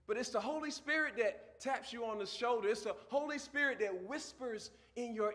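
A male pastor preaching a sermon, moving from quiet teaching to loud, fervent preaching. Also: extremely high pitch, normal speed.

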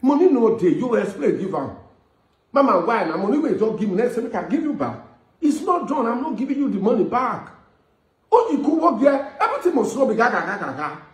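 A man's voice: very high voice, sing-song, a little fast, echoey room. A man with a Nigerian accent speaking pidgin in a pleading, sing-song way, heard from a played clip.

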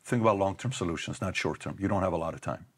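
A man's voice: low-pitched, very fast, slightly rough. A middle-aged man as an interview guest, talking emphatically and firing off rhetorical questions. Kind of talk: conversational interview.

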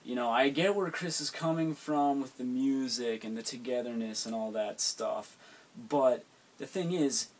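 A young man speaking hesitantly, with many fillers, in a mock reality-show confessional. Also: mid-range voice. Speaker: student video maker.

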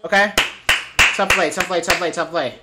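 A young man streaming his reaction to basketball highlights, hyped and slangy, repeating short catchphrases. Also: steady tone, normal speed, very noisy. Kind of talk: excited live reaction commentary.

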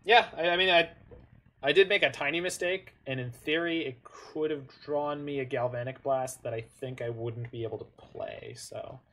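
A gamer comments on his own online card game matches as he plays, thinking aloud, correcting himself mid-sentence and drifting into small asides. His middle-pitched voice sits in an ordinary range, and he keeps a relaxed, conversational, moderate pace.

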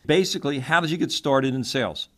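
Man, interview host, mid pitch, friendly, laughs easily. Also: fast talker, a bit bright. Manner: friendly, laughs often, short prompts. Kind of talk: casual interview.

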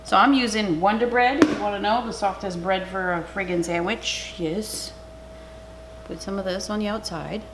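A middle-aged woman with a Canadian accent, chatting excitedly through a cooking video at home and sometimes dropping to a whisper. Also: medium pitch, moderate pace. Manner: chatty and excitable, drops to a whisper over food. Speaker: cooking channel host. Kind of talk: casual cooking vlog chat. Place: home kitchen. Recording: noisy home recording.

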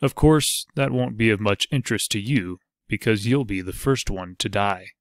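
Man playing a calmly menacing archer. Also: lowish voice, normal speed, no room sound, studio quality, close to an everyday voice. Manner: calm and coolly menacing. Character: calm deadly archer, man, coolly threatening.

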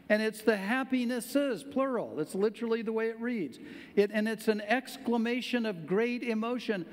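A man's voice: high-pitched, expressive, measured pace, a little mellow, in a large hall. An older man, a pastor, preaching a sermon in a conversational, emphatic way with questions to the congregation. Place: church sanctuary.

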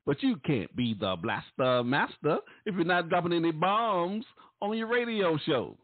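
A man hosting a gospel radio show, a showy, playful announcer with sudden jumps in pitch. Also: expressive, normal speed, dry recording. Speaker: radio host. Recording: tinny, phone-like, dry sound.

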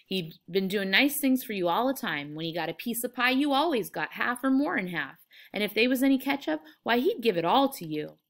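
A woman's voice: fairly high pitch, sing-song, brisk, few pauses. A woman reading aloud the part of a stern little old aunt who scolds sharply and disapprovingly. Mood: scolding.

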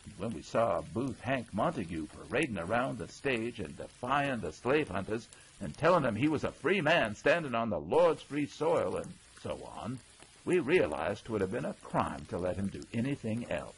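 A man narrating a folksy old-time story, with lively character voices. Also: fairly low pitch, moderate pace, husky, low-quality recording. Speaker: audiobook narrator.

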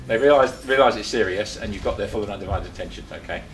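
A man's voice: lowish voice, fast talker, echoey room, a little hiss or hum, rough recording. An older man from England giving a chatty talk to a small group, full of rhetorical questions and restarts. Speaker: presenter. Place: meeting room.

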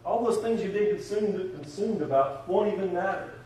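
A male pastor delivers a sermon in a fairly high voice. He is emphatic and repeats phrases as he builds to a fervent call. He is heard from some distance in a strongly echoing church hall. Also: expressive, moderate pace, a little mellow, a little hiss or hum. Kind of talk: sermon and closing prayer. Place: church sanctuary. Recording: very echoey church hall, voice from afar.

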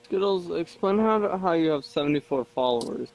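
A man's voice: on the high side, expressive, a little fast, darkish tone, poor audio. A man joining a VR game chat with casual, teasing banter. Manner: teasing, says dude a lot. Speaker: fellow player.

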